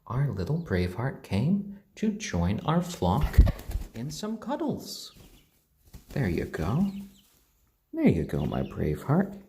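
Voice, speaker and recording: A man with a mixed British and American accent, chatting gently on a live stream and cooing to his pets. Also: fairly low pitch, roomy sound. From born in Tokyo, raised British and American. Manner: gentle, soft-spoken, coos at pets. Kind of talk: casual live-stream chat.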